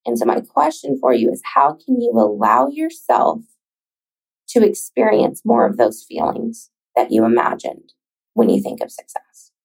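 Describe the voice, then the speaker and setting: A woman hosts a podcast in a casual, encouraging monologue aimed straight at the listener. Her voice sits a little high, with a gravelly, husky edge. She swears freely and lets long pauses hang. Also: wildly swooping pitch, darkish tone, low-quality recording. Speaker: podcast host.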